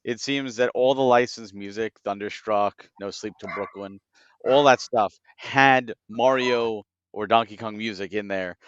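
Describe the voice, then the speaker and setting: A man with a low, smooth, resonant voice talks on a podcast in a loose, rambling way, getting excited and breaking into quoted asides. The sound is dry and a little dull, recorded close to a studio microphone. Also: unhurried, no room sound. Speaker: podcast co-host. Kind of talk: casual podcast chat.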